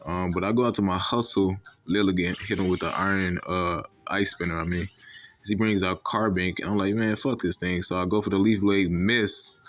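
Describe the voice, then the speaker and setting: Young adult male gamer, very low voice, brash and profane, casual play-by-play. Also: steady tone, fairly quick, fairly bright tone. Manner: brash, profane trash-talk with frequent fillers. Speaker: gaming commentator. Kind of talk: casual game commentary.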